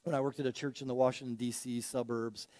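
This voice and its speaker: A man's voice: mid-range voice, flat delivery, quick pace, darkish tone, no echo. A man preaching a casual, story-driven sermon as a pastor, acting out quoted dialogue with rising energy.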